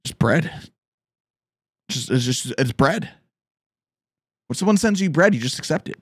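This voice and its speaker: Excitable man reacting to memes. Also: fairly high pitch, a little slow, husky, no echo. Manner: excitable, shouts and laughs at clips. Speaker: meme reaction streamer. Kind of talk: casual reaction commentary.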